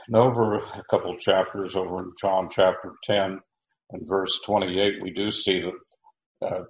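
Deep-voiced man teaching scripture, roomy lo-fi sound. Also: slight background noise. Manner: halting, many fillers and restarts; reads verses aloud, then explains the Greek words. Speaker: Bible teacher. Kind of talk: unscripted Bible study teaching. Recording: roomy, dull lo-fi recording.

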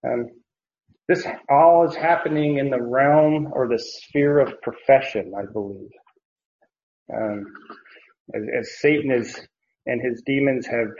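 A man delivering verse-by-verse sermon teaching at an unhurried, deliberate pace, often pausing mid-thought. His voice sits in a middle register and comes through a slightly muffled, lo-fi recording. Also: mid-range voice. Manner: measured, hesitant, many filler pauses. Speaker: Bible teacher.

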